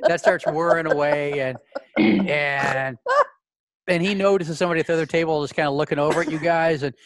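A man's voice: on the high side, fairly quick. A man narrating a tabletop role-play game as game master, rambling with repeated words and casual swearing.

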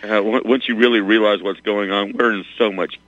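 A man's voice: fairly low pitch, steady tone, a little fast, fairly bright tone, dry recording. A man co-hosting a talk radio show, talking casually with frequent stammers and repeated words, sounding exasperated. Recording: dull lo-fi line.

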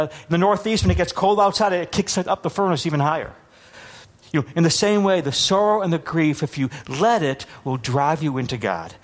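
A man preaching a sermon as pastor, teaching with many restarts and repeated words. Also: on the high side. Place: congregation hall with overhead projector.

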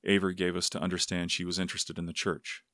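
Man reading stern religious father, matter-of-fact, deep voice, dry sound. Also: completely flat delivery, fast talker, fairly bright tone, no room sound. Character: stern devout father, practical and firm.

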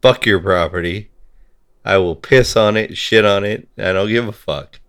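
A man's voice: fairly low pitch, a little slow, a bit bright, clear, resonant tone. A man in a heated conversation, talking bluntly and swearing freely as he rants. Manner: blunt, profane ranting.

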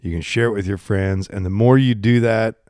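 A man's voice: on the low side, fairly even intonation, fairly quick, darkish tone, dry recording, studio quality. Congested man rambling into a handheld mic. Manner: rambling, candid and self-deprecating. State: congested, coughing and burping. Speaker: podcast host. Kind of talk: casual solo podcast monologue. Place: home garage. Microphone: handheld microphone.

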